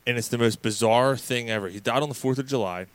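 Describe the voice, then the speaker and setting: A man co-hosting a casual sports podcast, telling stories in an animated, profane way with many restarts. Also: mid-range voice, quick pace, clear, resonant tone, no room sound. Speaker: podcast co-host.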